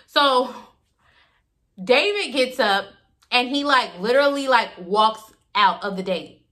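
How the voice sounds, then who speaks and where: A young woman recounts a personal story in a casual, chatty monologue. Her voice is slightly high and bright, and she keeps it animated by acting out the people in the story. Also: slow pace, pauses often. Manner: animated, acts out quotes in shifting voices. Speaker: YouTuber telling a story.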